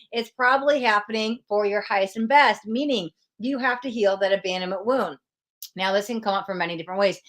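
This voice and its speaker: A woman hosting a live-stream tarot reading, talking through the cards in a reflective, coaching way and thinking aloud as she pulls them. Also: mid-range voice. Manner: reflective, coaching, spiritual self-help talk. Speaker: tarot reader.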